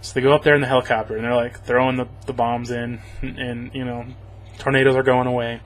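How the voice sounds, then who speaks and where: A man's voice: medium pitch, little pitch movement, quick pace, a little hiss or hum. A man giving a rambling, sarcastic spoken movie review, chuckling as he goes. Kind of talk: casual spoken film review.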